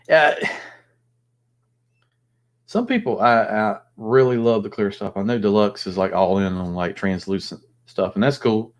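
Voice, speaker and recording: A man hosting a casual live chat, rambling and thinking aloud with plenty of fillers. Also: on the low side. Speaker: host.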